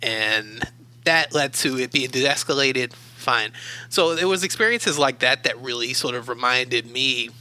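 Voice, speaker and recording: A man from Baltimore, a university academic adviser, telling personal stories as an interview guest in a measured, thoughtful way. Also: mid-range voice, pushed and bright, low-quality recording. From Baltimore, USA. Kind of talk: reflective interview storytelling.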